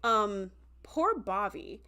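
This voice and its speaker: A young adult woman recapping an episode in a casual livestream, animated and full of fillers, acting out quoted reactions as she goes. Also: medium pitch, extremely slow, smooth. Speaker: show reviewer.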